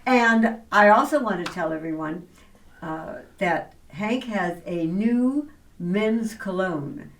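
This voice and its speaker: Woman, talk show host, upbeat, gushing, middling pitch, a bit off-mic. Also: slow pace, a bit bright, distant mic. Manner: upbeat, gushing, laughs often.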